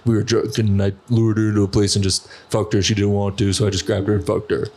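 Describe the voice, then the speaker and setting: A man's voice: on the low side, flat delivery, fast, darkish tone. A young man hosting a podcast, telling stories in a rambling, profane way full of fillers. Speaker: podcast host. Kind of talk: casual podcast chat.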